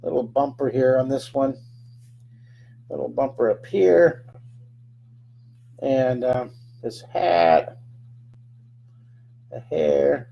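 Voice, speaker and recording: A man's voice: mid-range voice, slow pace, creaky, pauses often, highs cut off. A man teaching a live drawing lesson, chatting through each stroke with playful sound effects.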